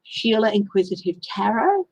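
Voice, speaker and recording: A woman's voice: mid-range voice, big pitch swings, moderate pace, husky, rough recording. A woman with an Australian accent doing a casual live-stream tarot reading, chatting and greeting viewers by name. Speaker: tarot reader.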